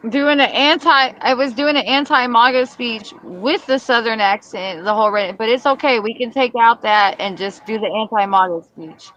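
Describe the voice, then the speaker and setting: A woman's voice: on the high side, normal speed, hardly any pauses, a bit bright, dull audio. A woman on a comedy game show panel, rambling casually with lots of "like" fillers. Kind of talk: casual chat.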